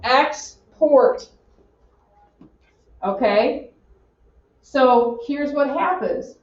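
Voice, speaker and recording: A woman teaching an economics class in an animated, joking way, acting out her examples. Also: sits high, extremely slow. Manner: animated, jokey, acts out examples. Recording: roomy, distant, dull classroom audio.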